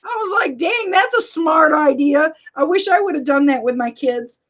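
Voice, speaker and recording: A middle-aged woman hosting a casual livestream, loud and laughing often as she reads viewer comments. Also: high-pitched, expressive, moderate pace. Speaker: livestream host and rideshare driver.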